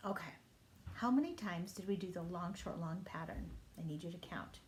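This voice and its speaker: A woman leading a children's singing lesson, talking gently and encouragingly to the children. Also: lowish voice, moderate pace, echoey room. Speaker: primary singing time leader.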